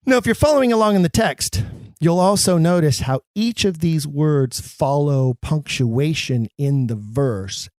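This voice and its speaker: A man's voice: a little high, darkish tone, dry recording. Emphatic man explaining verse, dry close sound. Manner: emphatic, theatrical, quotes verse dramatically. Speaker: podcast host. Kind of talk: scripted lecture on acting Shakespeare.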